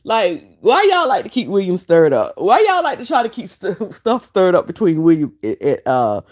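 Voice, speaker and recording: A woman's voice: fairly low pitch, huge pitch swings, normal speed, darkish tone. A woman hosts a casual live stream, scolding and teasing in a sassy way. Her voice swings widely up and down as she talks. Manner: sassy, fussing, talks straight to chat. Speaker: vlogger host.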